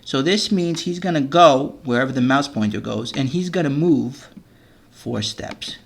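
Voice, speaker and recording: Gravelly-voiced man teaching kids to code. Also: mid-range voice, measured pace. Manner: patient step-by-step explaining, frequent "okay?" checks. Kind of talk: screen-recorded coding lesson for children.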